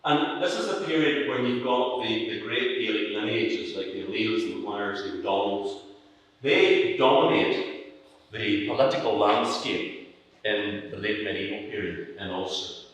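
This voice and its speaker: A Northern Irish man in his sixties giving a public lecture as an archaeologist, measured and hesitant with frequent fillers. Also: on the low side, a bit bright. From County Antrim, Northern Ireland. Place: public hall. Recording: echoey hall, distant mic.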